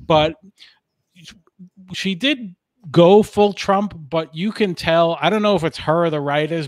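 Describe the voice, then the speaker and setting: A man's voice: on the high side, no room sound. A man hosting a podcast, chatting casually with his guest and thanking him. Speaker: podcast host. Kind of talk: casual interview chat.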